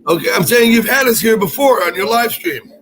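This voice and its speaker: A man's voice: high voice, animated, a little fast, a crowd in the background. A man hosting a casual live stream, chatting and asking questions, often restarting his sentences. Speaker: livestream host.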